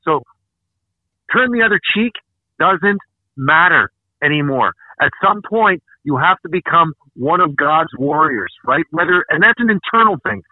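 A man with a slightly higher-pitched voice rants on a podcast, swearing hard and hammering his points through repeated words. The sound is thin and tinny like a phone line, bone-dry with no room. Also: lively intonation, a little slow, no room sound. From Canada. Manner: angry, profane, emphatic ranting with repeated words. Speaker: podcast host. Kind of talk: casual podcast rant.

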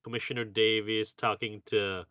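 A man co-hosting a podcast, chatting in a relaxed way and laughing often. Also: on the low side, moderate pace, clean tone, no echo, clean studio sound. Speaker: podcast co-host. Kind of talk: casual chat.

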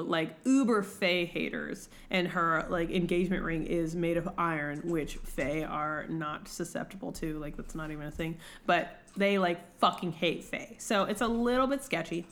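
A woman's voice: fairly low pitch, fairly bright tone. Chatty young woman, swearing freely. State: eating while talking. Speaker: podcast co-host. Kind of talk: casual book discussion.

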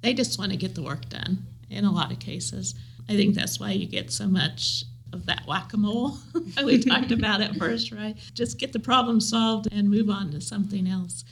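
A woman's voice: mid-range voice, moderate pace, gravelly, a little hiss or hum, low-quality recording. A woman with an American Midwestern accent, answering interview questions in a reflective, earnest way. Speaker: guest, leadership trainer.

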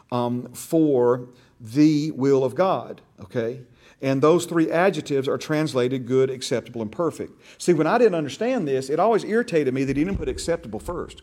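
This church discipleship teacher has a medium-pitched, darkish male voice. His talk is homey and conversational, with frequent restarts, repeated words, and regular "right?" and "okay?" check-ins.

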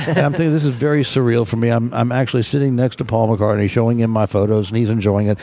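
Casting note: gravelly-voiced male guest, lively storyteller, casual podcast chat. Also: medium pitch, quick pace, hardly any pauses. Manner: animated anecdote teller, acts out quotes. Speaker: guest photographer.

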